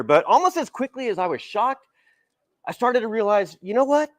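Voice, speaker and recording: A man giving a casual, animated storytelling keynote to a live audience at an event hall. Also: high-pitched, moderate pace. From El Paso, Texas. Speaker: keynote speaker. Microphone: handheld mic, partly without it.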